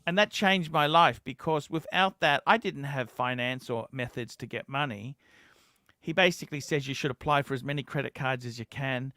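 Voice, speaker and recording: A man's voice: mid-range voice, normal speed, bright, forceful tone, dry recording, clean studio sound. A man hosting a livestream, telling a heated, profane story in a ranting chat. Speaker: livestream host.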